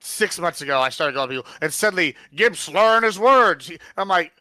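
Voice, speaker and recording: A man's voice: high voice, expressive, a little fast, sharp tone, no room sound. A man with a Texas accent, a blunt panelist on a casual live-stream debate who cuts in and repeats himself through a poor microphone. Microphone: poor-quality microphone.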